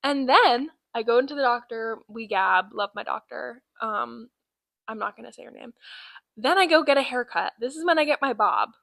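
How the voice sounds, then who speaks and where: Bright-voiced young woman telling stories. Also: a little high, moderate pace, gravelly, dry recording, low-quality recording. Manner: animated storyteller acting out quoted voices. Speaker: podcast co-host. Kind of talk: casual chat, storytelling.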